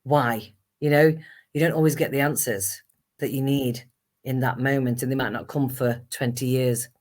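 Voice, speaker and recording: A woman's voice: rumbling low, normal speed. A middle-aged woman, a guest actress and singer telling her story candidly and emphatically. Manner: animated and emphatic, acts out past conversations.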